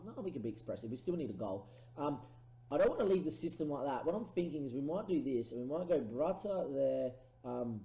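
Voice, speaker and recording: A man's voice: mid-range voice, reverberant, poor audio. Man commenting on his football game. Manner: thinks aloud, erupts into excited goal calls. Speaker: gaming streamer. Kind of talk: casual gameplay commentary.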